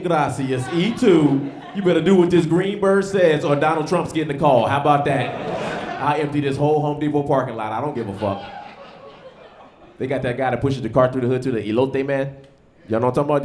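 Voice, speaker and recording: A man doing a stand-up comedy set on a club stage, with punchy, animated storytelling and asides to the crowd. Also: medium pitch. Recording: live club with loud background noise.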